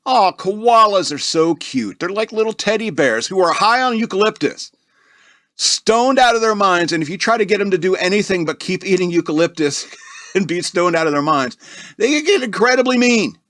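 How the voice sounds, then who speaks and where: A man's voice: high-pitched, normal speed, a bit bright, no echo, studio quality. A man hosting a podcast, rambling through a casual comedic monologue, laughing often and slipping into mocking voices. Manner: puts on mocking voices for quotes. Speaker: podcast host.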